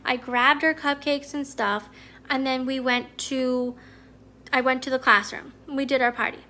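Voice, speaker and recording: A woman's voice: high-pitched, fairly even intonation, a little slow, bright, forceful tone. A woman who homeschools her child, talking in a candid, chatty vlog style with lots of fillers. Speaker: homeschooling parent and consultant. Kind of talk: casual personal vlog talk.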